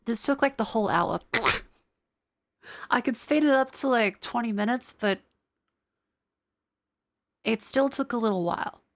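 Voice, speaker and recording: A woman's voice: a little high, expressive, unhurried, pauses often. A young adult woman streamer chatting casually and rambling, with many fillers and some swearing, while testing tracking gear. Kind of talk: casual live-stream chat.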